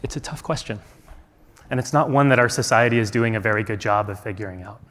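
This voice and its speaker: A fast-talking American man with a lowish, somewhat bright voice tells a personal story on a conference stage. His tone is earnest and reflective, full of rhetorical questions, and the large hall gives the recording a long reverb.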